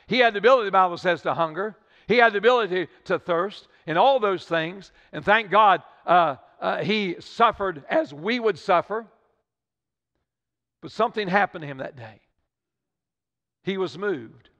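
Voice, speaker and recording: A man's voice: high-pitched, bright, forceful tone. An older man preaching a sermon as pastor, repeating and restarting phrases as he builds his point. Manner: preaching with Southern-style repetition and stammered restarts. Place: church sanctuary. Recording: dull livestream audio with long hall reverb.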